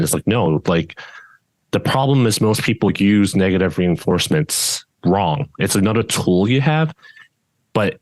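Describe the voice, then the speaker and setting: Deep-voiced man in casual podcast chat. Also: brisk, no echo. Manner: steady tone that does not rise even when louder; rambling, with many restarts and fillers. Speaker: judo instructor and podcast co-host.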